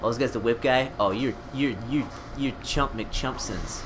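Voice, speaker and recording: A young man casually commenting while playing a video game, excitable and trash-talking enemies. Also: medium pitch, normal speed, background noise. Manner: excitable, yells at enemies, playful trash talk. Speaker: co-host gamer. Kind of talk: casual let's-play commentary.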